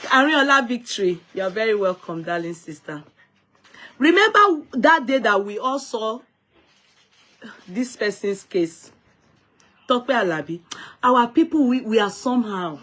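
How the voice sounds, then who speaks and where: A woman's voice: on the high side, expressive, a little slow, long pauses, a bit bright. A Nigerian woman hosts a live stream off the cuff. She talks emphatically and lectures her viewers, often repeating and restarting her words. She greets people one by one by name. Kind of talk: unscripted live-stream commentary.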